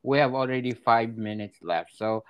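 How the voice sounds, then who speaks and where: A man's voice: mid-range voice, normal speed, clean tone. A man chatting casually and reacting briefly, with slightly uneven phrasing. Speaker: co-host. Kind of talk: casual chat.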